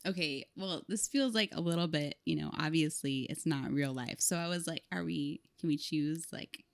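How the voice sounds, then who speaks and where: Giggly woman with a gravelly edge. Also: sits low, moderate pace, dry recording. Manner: giggly, chatty, filler-heavy. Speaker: podcast co-host. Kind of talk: casual chat. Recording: dry close studio sound.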